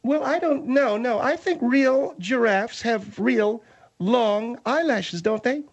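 A man's voice: extremely high pitch, slow pace, lo-fi sound, voice pushed up, exaggerated voice. A man voicing a haughty, pretentious woman who snaps insults and fusses over pronunciation. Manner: prissy, pompous about pronunciation.

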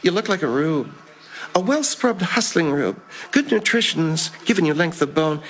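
A man's voice: high-pitched, fairly bright tone, pitched above the performer's own voice. A man doing an impression of a suave, menacing male psychiatrist who speaks in a cold, condescending, precise way.

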